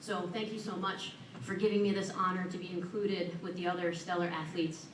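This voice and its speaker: A woman giving a heartfelt hall of fame acceptance speech at a podium, earnest and warm with self-deprecating humor. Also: on the low side, little pitch movement, a little fast, background noise. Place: large event hall at an awards ceremony. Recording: echoey room, voice from far off.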